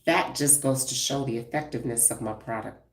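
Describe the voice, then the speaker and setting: A low-pitched woman in her fifties talks bluntly and with emphasis straight to her viewers, like a stylist chatting on a live stream. Her voice sounds roomy and echoey, picked up from some distance from the mic. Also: a little fast. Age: 50s. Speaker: hairstylist and brand owner. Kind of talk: live-stream casual talk.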